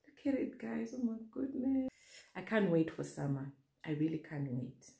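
A woman's voice: on the low side, big pitch swings, moderate pace, creaky. A young woman vlogging an unboxing in a casual, gushing way, talking straight to her viewers. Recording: echoey room with faint noise.

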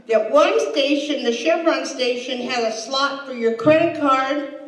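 A woman's voice: sits high, measured pace, a little hiss or hum. Older woman comedy host, dry delivery, recorded from a distance in a roomy hall. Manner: deadpan one-liners with quoted voices. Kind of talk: stand-up comedy. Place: hall with a laughing audience. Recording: echoey hall, distant mic, crowd laughter.

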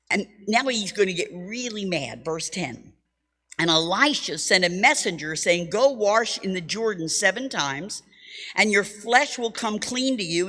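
Woman Bible teacher, mid-pitched voice, animated storyteller with wry asides, long church reverb. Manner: lively storytelling, reads scripture with drama; humorous asides. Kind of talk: teaching sermon.

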